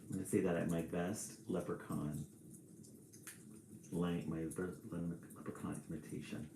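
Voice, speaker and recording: A man reading a children's storybook on a live stream and chatting with viewers in a relaxed, chatty way. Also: low voice, gravelly, echoey room, a little hiss or hum, low-quality recording. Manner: slow, relaxed, chatty with small laughs.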